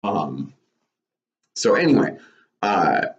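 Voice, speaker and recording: A man's voice: sits low, very animated, takes it slowly. A man casually giving his thoughts on wrestling for his channel, rambling with lots of self-corrections. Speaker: wrestling commentary YouTuber. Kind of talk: casual spoken commentary. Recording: roomy, dull lo-fi.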